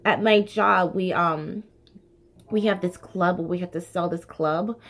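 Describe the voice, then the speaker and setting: A woman in her late twenties giving speaking tips in a casual vlog, chatty and expressive, with lots of "like" and "um" fillers and the odd swear. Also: on the low side, takes it slowly, soft background music. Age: late 20s. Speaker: actor sharing speaking tips. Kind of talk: casual talking-to-camera vlog.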